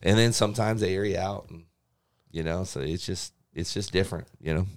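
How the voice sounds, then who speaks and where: Low-voiced man telling lively stories. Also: fairly quick. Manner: animated, acts out coaches' lines, many restarts. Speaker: guest, former pro pitcher. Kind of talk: storytelling in casual conversation.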